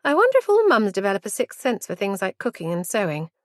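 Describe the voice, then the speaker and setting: Woman reading an audiobook, thoughtful and measured, super dry close mic. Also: medium pitch, huge pitch swings, no room sound. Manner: reflective, measured storytelling. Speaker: audiobook narrator. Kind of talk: first-person audiobook narration.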